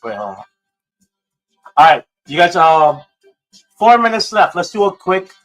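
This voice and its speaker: A man hosting a casual livestream, excitable and prone to swearing, swinging between hyped outbursts and low mumbling. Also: measured pace, soft background music. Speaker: livestream host.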